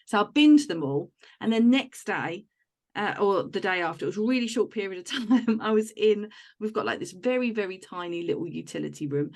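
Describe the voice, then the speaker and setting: Woman, podcast host, casual chat, chatty storyteller, mid-pitched voice. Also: animated, fairly quick, creaky. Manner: chatty, tells rambling home anecdotes.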